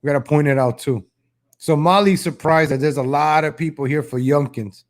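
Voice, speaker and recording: A man's voice: fairly high pitch, normal speed. A man commenting casually on a live stream, mocking and rambling with frequent restarts.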